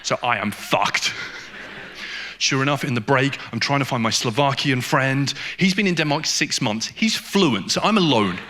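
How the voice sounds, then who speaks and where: A man doing a stand-up comedy set on stage, telling an animated story and slipping into mock Danish phrases. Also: mid-range voice, moderate pace. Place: comedy club stage with live audience.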